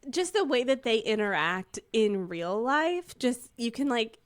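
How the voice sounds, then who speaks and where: A woman's voice: on the high side, very animated, a little slow. A woman co-hosting a podcast in casual chat, an enthusiastic fan who laughs easily. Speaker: podcast co-host.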